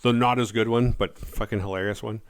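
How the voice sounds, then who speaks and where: A man casually recapping a horror movie's plot, laid-back and profane, slipping into quick voices for the characters. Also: lowish voice, fairly even intonation, smooth, dry recording.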